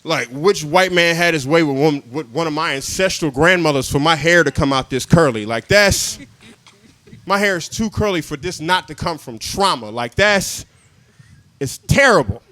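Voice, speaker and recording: A young man doing a stand-up comedy set, chatty and self-mocking, laughing at his own jokes and dropping into quiet asides. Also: a little high, animated, normal speed, no echo.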